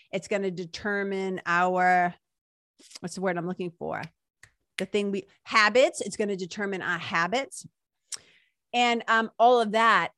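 A chatty woman tells a story to her listeners in a loose, conversational way, checking in with quick tag questions as she goes. Her voice sits at an ordinary middle pitch. It is recorded close and dry, with no room sound. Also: a bit bright, no echo. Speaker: speaker retelling a book passage. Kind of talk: casual talk with read-aloud quotes.

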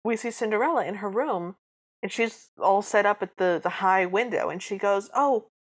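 Woman, mid-pitched voice, casual chat, podcast co-host, scene-by-scene recap. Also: normal speed. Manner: chatty narration with acted-out quotes.

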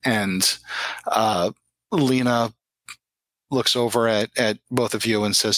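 A man narrating as game master of a tabletop role-playing game, describing scenes in a halting way. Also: lowish voice, steady tone, fairly bright tone, no echo, rough recording.

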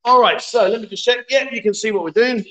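Guy hosting a stream, chatty and jokey, high bright voice. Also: fast. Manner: chatty, joking, reads viewer comments aloud. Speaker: livestream host. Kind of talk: casual livestream chat.

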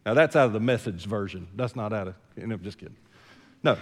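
A man with a Southern American accent preaching a sermon as senior pastor, folksy, shifting from quiet asides to loud, emphatic declarations. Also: medium pitch, sing-song, normal speed, long pauses, in a large hall.

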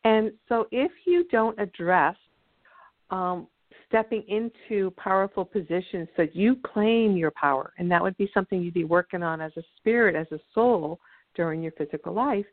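A woman's voice: medium pitch, normal speed, no room sound. Woman on a tinny phone line. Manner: earnest, teaching, acts out quotes. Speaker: guest speaker. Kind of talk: explanatory storytelling.

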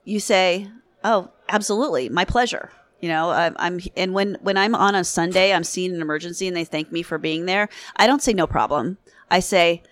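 A woman's voice: lowish voice, dry recording. A woman, a veterinarian guest on a podcast, talking bluntly and candidly with casual swearing. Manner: blunt, candid, swears freely, laughs often. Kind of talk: casual interview chat.

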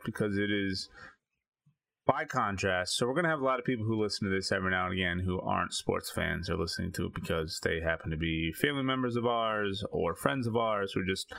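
A lower-pitched man from Maine co-hosting a casual podcast. He argues in an animated, opinionated way, restarting sentences and stacking fillers. The recording is dry and close. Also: a little fast, gravelly, dry recording. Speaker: podcast co-host. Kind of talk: casual chat.

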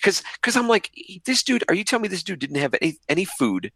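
A man's voice: high-pitched, sing-song, fast talker, gravelly, a bit bright, breathy edge, dry recording. A man co-hosting a podcast, chatting casually about films and trailing off with ums and uhs. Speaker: podcast co-host. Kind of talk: casual movie discussion.

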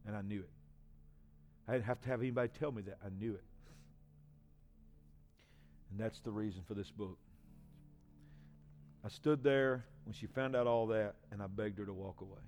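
A man in his forties, a pastor, giving an emotional personal testimony in a sermon, swinging from hushed to loud. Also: lowish voice. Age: 40s.

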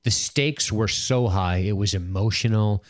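A man's voice: lowish voice, a little slow, dry recording, clean studio sound. A young man co-hosting a casual podcast, reading listener comments aloud, laughing often and swearing freely. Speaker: podcast co-host.

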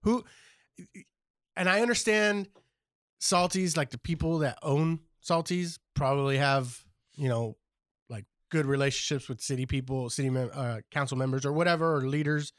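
Brief: man, casual podcast co-host, profane and heated, higher-pitched, dry close mic. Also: moderate pace, no room sound. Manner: profane, fired-up ranting.

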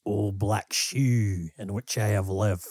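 Brief: man doing a grim Glaswegian poet, heavy slow delivery, mellow dry tone. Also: lowish voice, steady tone, dry recording. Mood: solemn. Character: fearsome man reciting bleak poetry.

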